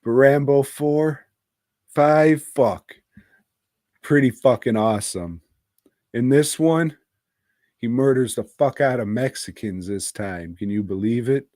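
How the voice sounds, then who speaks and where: Brief: profane, rambling male podcast co-host, slow delivery, dry sound. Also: medium pitch, mellow, no room sound. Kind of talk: casual movie review chat.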